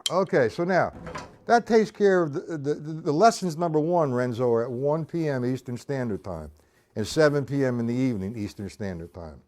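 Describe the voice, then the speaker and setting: A man's voice: mid-range voice, animated, normal speed, darkish tone. A man teaching drums on a live stream, explaining patterns casually and counting beats aloud. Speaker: drum teacher. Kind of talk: live-streamed drum lesson.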